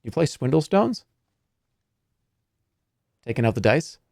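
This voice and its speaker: A male streamer who narrates the game's prose with a very animated pitch and breaks off playfully to comment. The sound is close and dry. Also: unhurried, gravelly, dry recording. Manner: lively, playful and expressive. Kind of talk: reading game text aloud and commenting.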